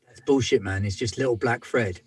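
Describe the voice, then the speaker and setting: A man in a tabletop role-play, speaking in character as a gruff space hauler full of slang. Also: medium pitch, brisk. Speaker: player.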